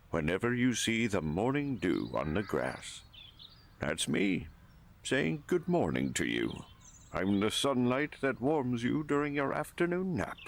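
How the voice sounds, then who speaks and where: A man's voice: low voice, vocal fry, a little hiss or hum, heavily acted. A man voicing a loving, departed grandfather in a video game, speaking in a soothing, tender way. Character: gentle late grandfather, loving spirit.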